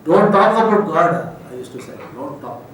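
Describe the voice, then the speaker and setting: A man's voice: fairly high pitch, animated, moderate pace, crowd noise. Older Indian man lecturing in an echoey room. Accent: Indian English. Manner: rambling, emotional storytelling with many fillers. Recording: roomy echo, voice from a distance, faint noise.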